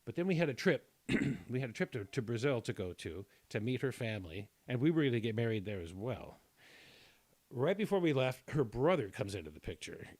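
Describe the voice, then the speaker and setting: A man telling a long personal story in casual chat, rambling and self-deprecating, often clearing his throat. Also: mid-range voice, big pitch swings, a little fast, darkish tone, dry recording.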